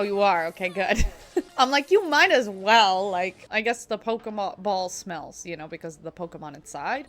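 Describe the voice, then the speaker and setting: A young woman giving casual reaction commentary while watching a show, chatty and quick to laugh, asking lots of questions. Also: medium pitch, a bit bright. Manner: chatty, laughing often, asks many questions. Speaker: reaction vlogger.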